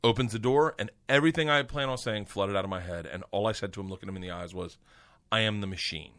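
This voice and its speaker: A middle-aged man, a comedian guest, telling a long comic story in a loud, animated, profane way. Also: lowish voice, rapid-fire.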